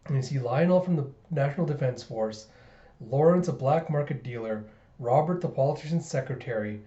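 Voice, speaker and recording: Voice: mid-range voice, a little fast, warm tone. An anime reviewer casually retelling scenes and laughing often while recapping. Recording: roomy, slightly dull recording.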